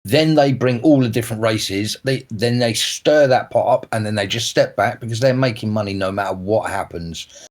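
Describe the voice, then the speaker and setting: A low-pitched man speaks bluntly in a casual political discussion. He delivers his points plainly and matter-of-factly. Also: normal speed. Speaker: discussion panelist.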